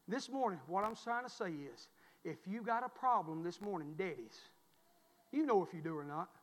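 A man preaching a sermon, swinging between loud high cries and low hushed asides in plain folksy speech. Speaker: pastor. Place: church sanctuary. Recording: long reverb of a church hall.

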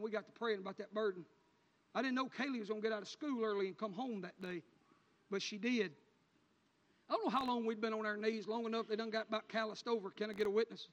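A man preaching a sermon in a church, swelling into loud, fervent preaching with country turns of speech. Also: very high-pitched. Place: church sanctuary. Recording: hall reverb, dull lo-fi sound.

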